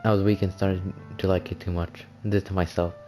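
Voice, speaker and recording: A man reading lines for an anxious, gentle teenage girl in a visual novel game, in a soft, hesitant way. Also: deep voice, level tone, fast talker, faint music behind, lightly acted. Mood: scared.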